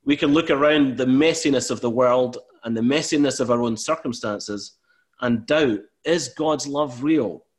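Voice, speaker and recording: A man preaching a sermon in an earnest way, rising to emphatic, louder bursts when he gives voice to God. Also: medium pitch, normal speed. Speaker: pastor.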